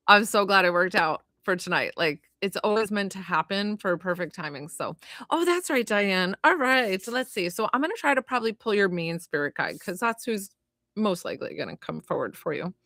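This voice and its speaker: A woman giving a live spirit reading as a medium, chatty and filled with "like" and "you know", gentle and consoling as she passes on messages. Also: on the low side, animated, a little fast, no room sound. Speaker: psychic medium.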